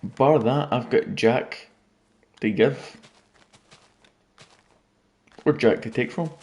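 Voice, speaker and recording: A man's voice: mid-range voice, slow, a little mellow, lo-fi sound. A man casually commenting on his gameplay late at night, rambling and joking with viewers. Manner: rambling, jokey, talking to viewers. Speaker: gaming YouTuber.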